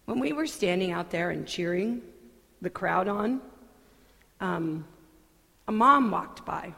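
A woman pastor delivering a sermon in a church sanctuary, earnest and deliberate, with conversational asides. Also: on the low side, lively intonation, gravelly, sharp tone. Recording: long hall reverb.

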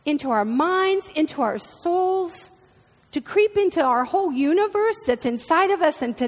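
Expressive woman preaching in a hall. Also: extremely high pitch, normal speed. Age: 50s. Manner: expressive, storytelling. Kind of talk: sermon. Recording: reverberant hall.

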